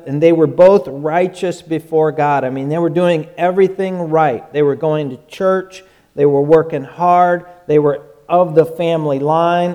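A man's voice: a little high, warm tone. A male pastor giving a folksy, conversational sermon, joking and often restarting his sentences.

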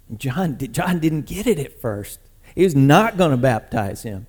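A man's voice: on the high side, sing-song, moderate pace, a little mellow, breathy edge. A male pastor preaching a sermon in an emphatic manner, repeating phrases for stress.

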